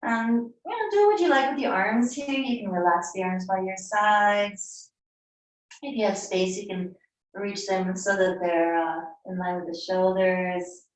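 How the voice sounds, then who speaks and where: Woman yoga teacher, very slow and calming delivery, live-streamed from a far mic in an echoey room. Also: medium pitch. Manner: slow, soothing, unhurried cues. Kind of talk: live yoga class instruction.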